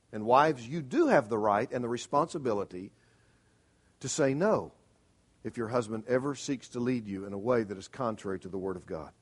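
A man's voice: mid-range voice, lively intonation, moderate pace, husky. A middle-aged man preaching a sermon as pastor, earnest and emphatic, pressing his congregation with pointed rhetorical questions.

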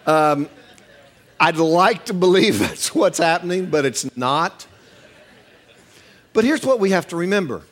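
Animated, lively-voiced male preacher. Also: high voice, a little slow, long pauses. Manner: animated, acts out quoted voices with humor. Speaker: pastor. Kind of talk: sermon.

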